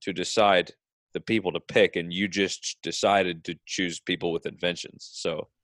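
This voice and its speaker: A man co-hosting a casual podcast chat, delivering wry, deadpan remarks. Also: low-pitched, normal speed, no echo, studio quality. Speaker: podcast co-host.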